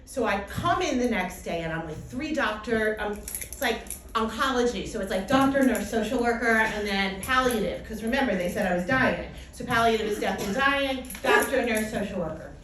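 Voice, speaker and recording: High-voiced woman telling her story in echoey hall. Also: normal speed. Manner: animated storytelling with acted-out quotes. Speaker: speaker giving a talk. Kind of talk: personal testimony talk. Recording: echoey hall, distant mic, faint noise.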